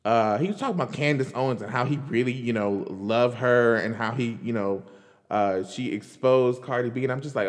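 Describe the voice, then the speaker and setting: A man hosting a podcast, ranting in casual commentary, animated, with many fillers and restarts. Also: medium pitch, normal speed, in a large hall. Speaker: podcast host.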